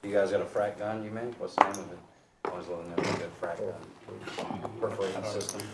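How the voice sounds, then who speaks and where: A man's voice: low voice, steady tone, brisk, far from the mic. A man chatting offhandedly at a poker table. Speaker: poker player. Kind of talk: casual table chat. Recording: echoey room with loud noise.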